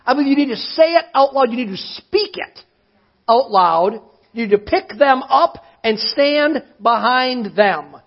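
A pastor preaching a sermon, emphatic, often slowing down to stress his words. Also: very high-pitched, lively intonation, highs cut off.

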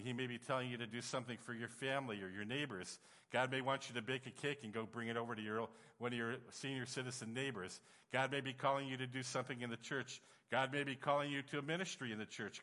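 A man preaching a sermon, telling a story with emotion and lively exclamations. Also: medium pitch. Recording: long hall reverb.

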